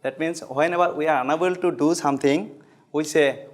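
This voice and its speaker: A man's voice: a little high, steady tone, fairly quick. A man student carefully explaining a grammar point about stressing negative words.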